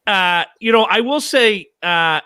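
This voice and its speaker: A man's voice: sits high, lively intonation, measured pace, sharp tone, smooth. A man with a thick Boston accent, speaking as a guest in an easygoing, upbeat chat. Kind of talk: casual chat.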